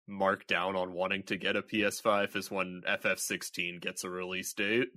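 A man's voice: sits low, flat delivery, moderate pace, bright, forceful tone. A man co-hosting a casual gaming podcast, talking expressively and laughing easily. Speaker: podcast co-host. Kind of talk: casual chat.

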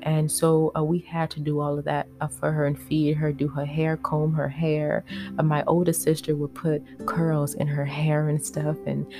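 A woman's voice: low-pitched, flat delivery, normal speed, warm tone, faint music behind. A woman hosting a podcast, sharing personal memories in a reflective, emotional way, with many "you know" and "uh" fillers. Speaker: podcast host.

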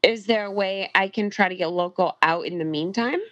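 A woman's voice: mid-range voice, fairly quick, a bit bright, no room sound. A woman playing a tabletop game, talking bluntly and casually, swearing freely. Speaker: player.

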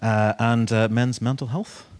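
A man introducing a live podcast evening on stage, halting with many fillers. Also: mid-range voice, fairly even intonation, darkish tone. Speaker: host. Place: stage before a live audience.

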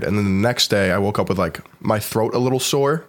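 A young man with a stuffy, congested voice talks through a casual podcast chat. He is laid-back, swears freely and laughs easily, keeping his tone relaxed even while sick. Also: fairly low pitch, brisk. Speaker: podcast co-host. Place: not in the studio.

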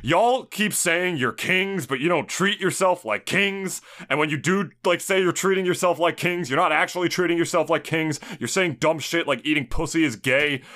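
Man, podcast co-host, sarcastic profane rant, bright tense voice. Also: on the high side, normal speed, hardly any pauses. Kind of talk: casual chat.

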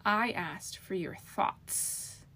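A sly old magic mirror spirit, put on by a woman reading an audiobook, mocking and harsh, slipping into teasing sing-song and hushed whispers. The voice has a gravelly, fry-edged grain. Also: medium pitch, drawn-out words, full character voice.

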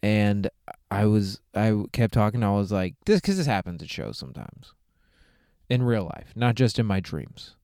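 A man's voice: on the low side, big pitch swings, moderate pace, darkish tone, no echo, studio quality. Crude, rambling young man laughing at himself. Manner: crude, rambling, laughs at his own story. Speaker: comedian podcast host. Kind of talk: solo comedy podcast monologue. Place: sitting in a parked car.

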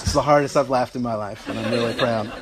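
A man's voice: mid-range voice, fast talker, background noise. Man telling family stories in a speech. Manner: storytelling, warm asides, laughing through anecdotes. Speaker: son giving a speech. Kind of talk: heartfelt family tribute speech.

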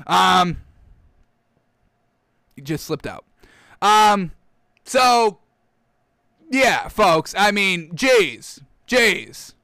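A man hosting a football talk show, ranting in a heated, animated way and calling out to his folks, close on a studio mic. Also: high-pitched, extremely slow, creaky, long pauses, no room sound. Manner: heated, animated, keeps addressing the audience as folks. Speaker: sports show host. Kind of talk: casual football rant. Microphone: close studio microphone.

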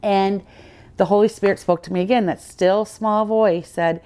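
A woman's voice: mid-range voice, steady tone, moderate pace, warm tone, clean tone. A woman guest on a podcast, earnestly telling her personal faith story in conversation and acting out the dialogue she quotes.

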